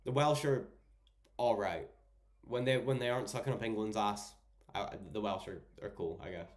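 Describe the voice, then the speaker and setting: Young Scottish guy, tipsy livestreamer, lowish voice, rambling and sweary. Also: animated, normal speed, a little mellow. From Scotland. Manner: rambling, heavy swearing, joking. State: intoxicated and tired. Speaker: livestreamer reading chat. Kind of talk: casual livestream chat.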